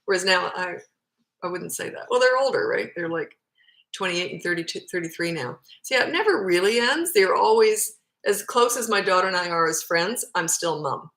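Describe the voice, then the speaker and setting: A woman's voice: on the low side, lively intonation, normal speed, a bit bright, echoey room, poor audio. A woman in her fifties, a parenting coach, answering viewer questions in a blunt, matter-of-fact way. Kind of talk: casual Q&A advice.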